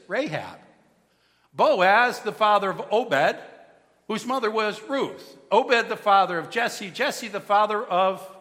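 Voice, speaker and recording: Pastor guy preaching, chatty storyteller, high bouncy voice, long church echo. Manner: animated, conversational, asks the congregation questions. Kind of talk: sermon with storytelling.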